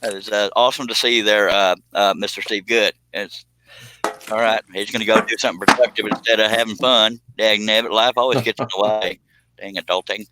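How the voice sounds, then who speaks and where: A man's voice: lowish voice, fairly even intonation, brisk, noisy background. A man hosting a woodworking live stream, rambling and joking as he reads viewer comments. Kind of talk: casual live stream chat. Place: home woodworking shop.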